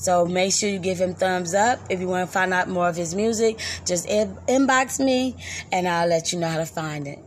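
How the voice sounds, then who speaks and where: A woman's voice: lowish voice, normal speed, slight background noise. A woman hosting a live music podcast in loose, chatty talk, laughing easily. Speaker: radio podcast host. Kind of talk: casual live show chat.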